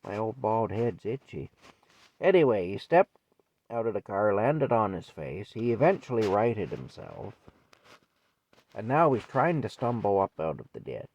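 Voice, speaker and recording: A man's voice: fairly low pitch, very animated, a little slow, darkish tone, lo-fi sound. An older man telling a childhood story in a rambling, folksy way. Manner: rambling, folksy, repeats himself. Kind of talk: casual spoken memoir.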